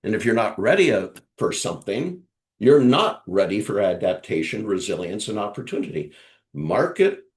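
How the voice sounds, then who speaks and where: Low-voiced man speaking in measured phrases. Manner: measured, aphoristic delivery. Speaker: guest speaker on leadership. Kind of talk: reflective talk on a video call. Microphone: video call. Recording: video call audio.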